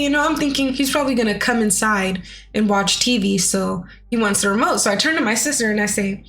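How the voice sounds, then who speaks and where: A woman's voice: a little high, animated, brisk, fairly bright tone, faint music behind. A young woman telling a personal story in a casual, chatty way, with lots of "like" and "you know.". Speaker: vlogger.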